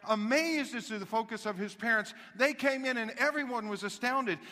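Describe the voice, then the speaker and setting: A pastor delivers his sermon with a high, bright voice. He swings from hushed to loud. His words ring out in a reverberant church hall. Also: normal speed. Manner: animated, dramatic shifts between hushed and loud.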